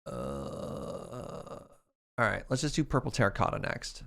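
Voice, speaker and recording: A man's voice: on the low side, big pitch swings, a little slow, creaky, a bit bright. A man streamer chatting casually with his chat while playing a game, laughing often.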